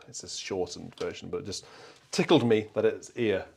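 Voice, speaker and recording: A man's voice: low-pitched, moderate pace, gravelly, darkish tone, slightly rough. A man from the north of England hosting a casual livestream from an organ, reading viewer comments and chatting to himself while he picks out stops. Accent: English, mild Northern trace. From North Derbyshire and South Yorkshire, England. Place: church with organ.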